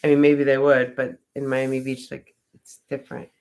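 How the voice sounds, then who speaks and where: A woman's voice: a bass voice, level tone, moderate pace, darkish tone. A woman casually telling a personal story, rambling with lots of "like" fillers and swearing freely. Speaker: vlogger.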